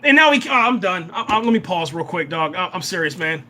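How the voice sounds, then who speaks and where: A young man hosting a live reaction and review of a TV episode, excitable, often repeating himself and tacking "man" onto his sentences. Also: high voice, a little fast, slight background noise. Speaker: reaction channel host.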